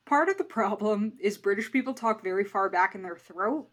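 A woman's voice: mid-range voice, animated, normal speed, fairly bright tone. A young woman from New York co-hosting a casual film chat podcast, swearing freely and laughing often. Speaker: podcast co-host. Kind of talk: casual chat about films.

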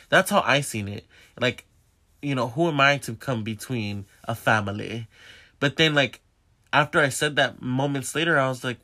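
A young man vlogging, telling a personal story in a candid, profane, animated way straight to his viewers. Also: mid-range voice, normal speed. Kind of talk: casual confessional storytelling.

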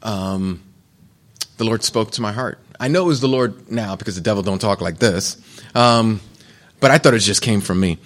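With a voice on the low side and a moderate pace, a U.S. man in his forties or fifties gives his personal testimony at a retreat. He tells it loosely, in a frank and conversational way.

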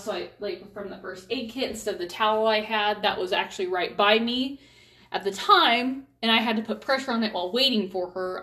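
A woman in her thirties tells a family story in a loose, chatty way. Her voice sits a little high, and her talk is frank, with casual swearing. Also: a bit bright. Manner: candid and chatty, swears freely.

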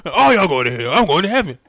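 A man putting on a loud, boastful preacher voice as a famous rapper. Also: high voice, exaggerated voice. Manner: shouting, laughing sermon delivery. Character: fiery preaching male rapper, rowdy and boastful.

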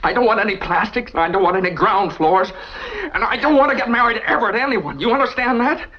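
An actor playing a fiercely stubborn young man who shouts his refusal, in 1940s film acting from an old soundtrack. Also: sits high, expressive, quick pace, dull audio. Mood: angry. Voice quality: shouting, emphatic.

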